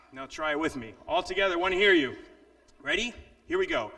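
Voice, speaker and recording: A man's voice: a little high, wildly swooping pitch, fast, gravelly, bright, forceful tone. A man giving a keynote speech to an audience, playful and self-mocking, coaxing the crowd to join in. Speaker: motivational speaker. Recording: echoey hall from far off.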